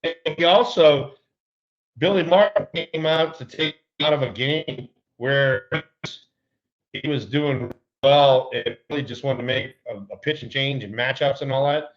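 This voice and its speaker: A middle-aged man co-hosting a podcast, telling stories in a laid-back, drawn-out way and often repeating words. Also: medium pitch, highs cut off. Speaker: podcast co-host, former ballplayer. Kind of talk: casual storytelling chat.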